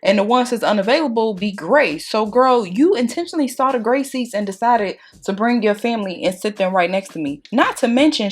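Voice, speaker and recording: A young woman chatting casually while doing her makeup, telling a story in an animated way and acting out what people said. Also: a little high. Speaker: beauty vlogger.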